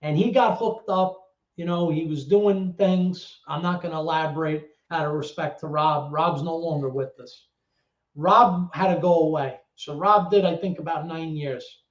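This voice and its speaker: A guest from the Bronx, New York, with a New York accent, tells casual personal stories in a rambling, profane way full of fillers and restarts. His slightly high voice holds a steady tone at normal speed, and the recording has a roomy, dull lo-fi sound.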